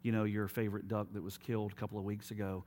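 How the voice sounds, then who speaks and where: A man voicing a guilty little boy who confesses in a stammering, halting way, close to his own voice. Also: on the low side, flat delivery, darkish tone, lightly acted. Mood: contrite.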